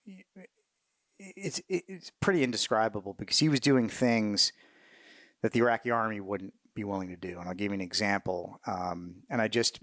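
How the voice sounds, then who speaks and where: A man's voice: lowish voice, normal speed, fairly bright tone, no echo. A middle-aged man, a retired Marine officer, telling war stories in a casual interview, candid and profane, with many fillers and restarts.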